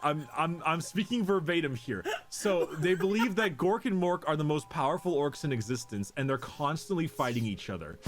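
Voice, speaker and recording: A man with a slightly higher voice explains lore on a casual podcast. He rambles, restarts his sentences and repeats words as he goes. Music plays clearly behind him. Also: animated, moderate pace, few pauses.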